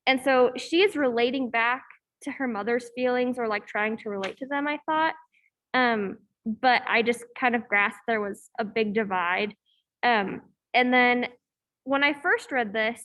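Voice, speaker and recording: A woman's voice: on the high side, measured pace, fairly bright tone. A young woman student leading a class discussion over a video call, hesitant with many fillers, in an echoey room. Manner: hesitant, many ums and likes. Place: room in a campus hall, echoey.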